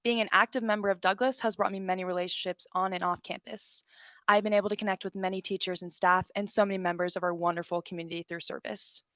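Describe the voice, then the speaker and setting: A teenage girl, a senior-class president, reading a prepared speech in a steady, recited way. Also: medium pitch, no room sound. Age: teens. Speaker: student government officer. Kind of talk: prepared speech read aloud.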